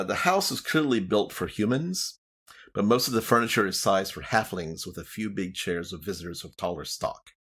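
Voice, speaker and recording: A man's voice: low voice, fairly bright tone. A man narrating a tabletop game as dungeon master, casual and rambling.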